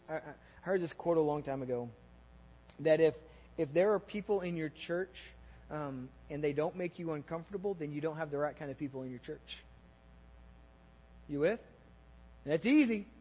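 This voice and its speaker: A Texan-accented man preaches in a sanctuary, and his voice sits fairly high for a man. He talks to the room like a friend, tossing in asides and checking that people are following along. The sound is a bit dull, with a long reverb tail hanging off each phrase. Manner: conversational and animated, with asides and audience check-ins. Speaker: pastor. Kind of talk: sermon. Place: church sanctuary.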